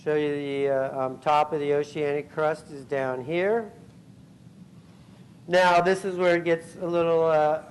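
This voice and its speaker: A man giving a scientific conference talk, pausing often with ums and uhs and clearing his throat. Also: a little high, darkish tone, a little hiss or hum, poor audio. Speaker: conference speaker. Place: convention center hall.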